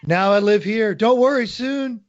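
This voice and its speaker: A man's voice: high-pitched, measured pace, lo-fi sound, slight background noise, pitched above the performer's own voice. Man doing a bitter old garage car. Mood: taunting. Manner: taunting, knowing.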